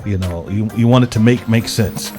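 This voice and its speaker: A man's voice: fairly low pitch, moderate pace. A man co-hosts a call-in radio show in an easygoing way. His phrases often trail off. Faint music sits underneath. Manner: laid-back, trailing off. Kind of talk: casual radio chat.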